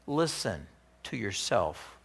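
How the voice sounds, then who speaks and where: A male pastor preaching a sermon in an animated, conversational way. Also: fairly low pitch, slow pace, gravelly, breathy edge.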